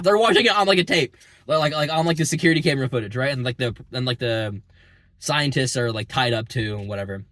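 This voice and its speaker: A young man reviewing movies gives a rambling, eager recap of a film from a parking lot, full of filler words and offhand cursing. His pitch is medium, with no room sound.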